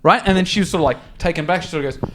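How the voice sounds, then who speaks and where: Very fast and a little high, an Australian man spins crude stories laced with swearing while co-hosting a casual comedy podcast. He's animated, and there's slight background noise.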